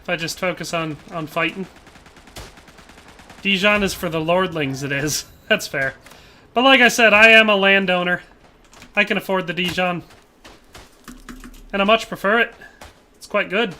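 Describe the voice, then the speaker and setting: A man talks into a desk mic while playing a shooter, with a high and strikingly bright voice. He rambles casually, reads out viewer comments and tacks playful little tags onto his sentences. A faint noise sits under his voice. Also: moderate pace, pauses often. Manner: chatty, rambling, tacks on playful tag phrases. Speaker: live streamer. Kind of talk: casual gameplay commentary while reading chat.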